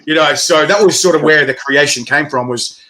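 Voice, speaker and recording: A man organizing a chili eating competition, chatting excitedly in an interview, laughing and swearing casually. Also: a little high, brisk. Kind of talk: animated interview chat.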